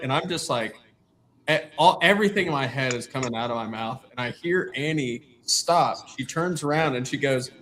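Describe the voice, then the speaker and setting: A man's voice: medium pitch, normal speed, a bit bright, rough recording. A man telling a self-mocking story about complaining on a climb, chuckling along. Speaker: climb team member. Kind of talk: casual storytelling.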